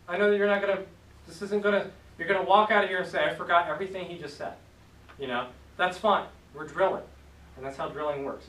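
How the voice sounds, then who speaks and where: A man's voice: fairly high pitch, sharp tone. A man teaching a Greek class, drilling students with call and response in an upbeat way. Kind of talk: classroom lesson. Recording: echoey room from far off, faint noise.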